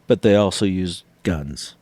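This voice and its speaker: A man's voice: low-pitched, measured pace, no echo. A man co-hosting a casual podcast chat, explaining things animatedly and acting out different tones of voice. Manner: animated, acts out tones and inflections while explaining. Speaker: podcast co-host.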